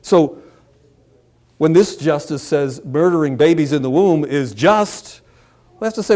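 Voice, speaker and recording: A man preaching a political sermon as a pastor, impassioned, swinging between loud emphatic peaks and low muttered asides. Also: normal speed. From Maryland, USA.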